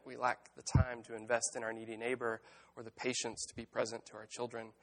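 A man preaching a sermon, reading a children's story aloud and then reflecting on it in a gentle, wry way. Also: medium pitch. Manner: reflective, gently wry, with word-play asides. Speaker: pastor.

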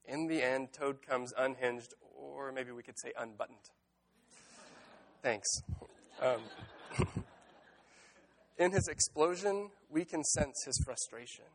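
A man preaching a sermon, reading a children's story aloud and then reflecting on it in a gentle, wry way. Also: medium pitch. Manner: reflective, gently wry, with word-play asides. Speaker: pastor.

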